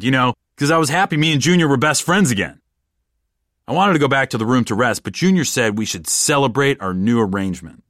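A man tells a comic story in the first person, deadpan and rambling. His voice sits low and speaks in plain, casual words. The recording is dry, with no room echo.

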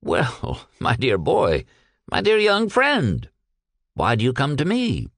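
A man's voice: medium pitch, wildly swooping pitch, slow, a bit bright, dry recording, clean studio sound, voice pushed up, heavily acted. A man reading aloud and voicing a shrewd, genial retired old businessman who talks in a purring, folksy way. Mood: amiable.

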